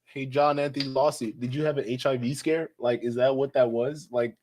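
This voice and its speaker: Profane, excitable man reacting to clips. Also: medium pitch, fairly quick, a little hiss or hum. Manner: excitable, profane, outbursts of disbelief and laughter. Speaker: reaction video host. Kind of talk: casual reaction commentary.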